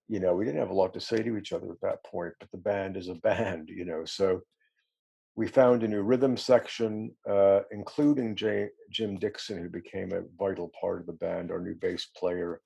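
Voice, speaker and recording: Deep, gravelly and husky, his voice carries a dark tone. The middle-aged musician is being interviewed casually as a guest, spinning rambling stories that poke fun at himself, with laughs coming often.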